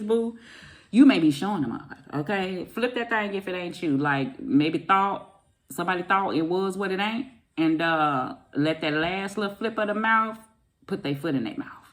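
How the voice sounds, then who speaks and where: A middle-aged woman, doing a chatty casual tarot reading and calling her viewers baby and honey. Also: fairly low pitch. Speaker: tarot reader.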